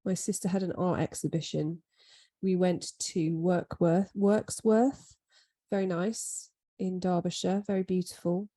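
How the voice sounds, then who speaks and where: A woman's voice: on the low side, fairly even intonation, measured pace, warm tone. A woman co-hosting a podcast in casual conversation, rambling and making fun of herself. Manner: rambling, self-deprecating. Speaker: podcast co-host. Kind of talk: casual chat.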